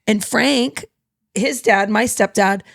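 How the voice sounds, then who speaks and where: A woman in her thirties hosts a casual podcast, talking with energy and plenty of chatter. Her voice has a gravelly edge, and the sound is dry and close to the mic. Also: medium pitch, takes it slowly, no echo. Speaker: podcast host.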